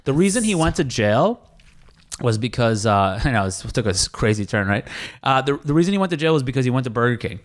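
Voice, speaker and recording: A man's voice: medium pitch, sing-song, fast. A man hosting a podcast, telling a long story in casual chat and laughing mid-sentence. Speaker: podcast host.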